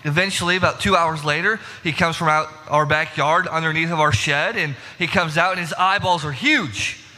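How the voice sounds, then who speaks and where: Bright-voiced young male pastor preaching. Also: fairly high pitch, moderate pace. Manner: casual, chatty, addresses the congregation directly. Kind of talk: sermon. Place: church sanctuary. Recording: long reverb of a large hall.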